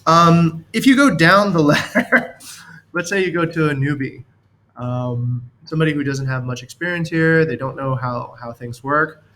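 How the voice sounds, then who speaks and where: A man's voice: on the high side, normal speed, pushed and bright. A man leading a team session, coaching on leadership in a rambling, anecdotal way and chuckling as he explains.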